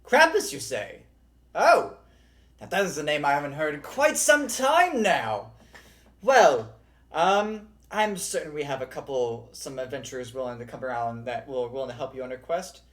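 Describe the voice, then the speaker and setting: A man's voice: on the high side, very animated, moderate pace, a bit bright. A man voicing a fussy, welcoming tavern keeper who bustles guests inside. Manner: fussing, welcoming.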